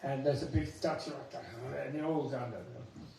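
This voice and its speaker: A man giving a Buddhist talk, an animated storyteller with chuckling asides, recorded in a temple hall. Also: medium pitch, a little fast, a little hiss or hum. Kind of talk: dharma talk with anecdotes. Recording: echoey hall, mic at a distance.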